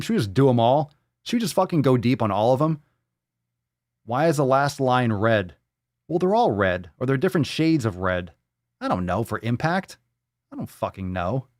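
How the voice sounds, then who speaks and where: Male podcast host, profane and mocking, lively pitch, dry close mic. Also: no echo. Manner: sarcastic, profane, jumps into silly voices. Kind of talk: casual live show banter.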